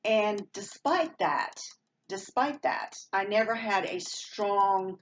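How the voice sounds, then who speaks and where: A woman's voice: medium pitch, slow pace, slight background noise. A woman from Maine with a slight Southern twang, chatting casually as a vlogger and rambling with fillers and restarts. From born in Maine, raised partly in Rhode Island. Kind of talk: casual chat.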